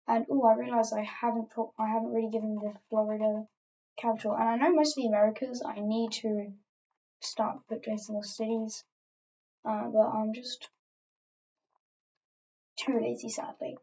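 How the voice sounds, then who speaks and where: A woman's voice: fairly high pitch, fairly even intonation, normal speed, warm tone, lo-fi sound. A woman casually narrating an alternate-history map as she edits it, rambling offhand with lots of fillers and asides.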